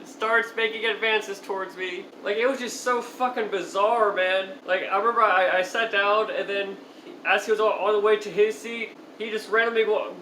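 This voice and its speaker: A woman's voice: mid-range voice, moderate pace, fairly bright tone, roomy sound, a little hiss or hum, poor audio. A young woman vlogger tells a story to the camera, laughing often and swearing as she goes. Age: young adult. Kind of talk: storytime vlog.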